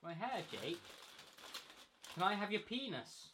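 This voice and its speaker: A young man hosts a loose chat with his friends, his voice bright and forward, sitting a little higher than most men's. He teases the others with mock offence, and faint noise hums underneath. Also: very animated, a little slow. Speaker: host. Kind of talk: casual chat among friends.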